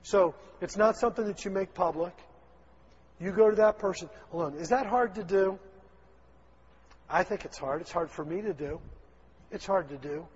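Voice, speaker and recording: Southern male pastor, husky tenor, folksy sermon, lo-fi recording in a reverberant sanctuary. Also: high-pitched, moderate pace, long pauses, darkish tone. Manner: folksy, acts out little dialogues, chuckles. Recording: dull, lo-fi sound in a long-echo hall.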